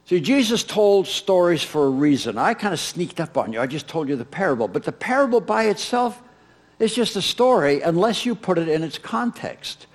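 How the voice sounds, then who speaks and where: A man preaching a sermon, retelling a parable as an animated storyteller who acts out its characters with humor. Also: sits high, moderate pace. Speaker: pastor.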